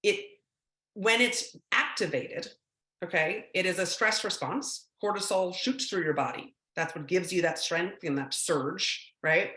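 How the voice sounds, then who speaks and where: Woman, talk to parents, conversational, checks in with listeners, bright tone, roomy echo. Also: on the low side, a little slow. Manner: conversational, frequent "right?" check-ins, acts out short quotes. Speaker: speaker on teen mental health.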